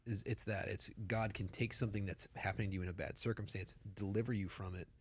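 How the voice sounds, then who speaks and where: A man's voice: lowish voice, fast, a little hiss or hum. A man in his thirties, a pastor co-hosting a podcast, telling stories with emphatic repetition. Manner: animated storytelling, emphatic repetition. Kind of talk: casual podcast conversation.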